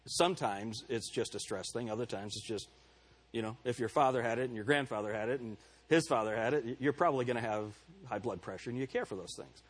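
A male pastor gives a candid, conversational sermon at a church service, poking fun at himself and calling on members of the congregation by name. His voice is medium-pitched and husky.

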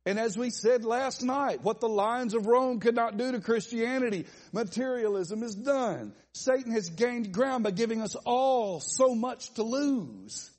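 A man preaching a sermon at a church conference, with a Southern accent and a folksy, animated delivery full of asides and laughs. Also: extremely high pitch, unhurried, hardly any pauses. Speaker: pastor.

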